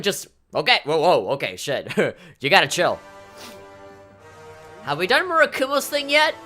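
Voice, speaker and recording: Low-voiced, swearing woman gaming commentator. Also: normal speed, faint music behind. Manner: animated, swears often, mock-indignant outbursts. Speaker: let's play commentator. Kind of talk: casual gameplay commentary.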